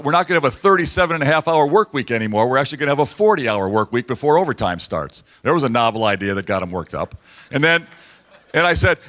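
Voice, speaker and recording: A man's voice: fairly high pitch, a bit bright. A man speaking as a governor at a political dinner, telling stories with quoted back-and-forth and repeating lines for emphasis. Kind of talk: campaign-style speech. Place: banquet hall at a dinner event.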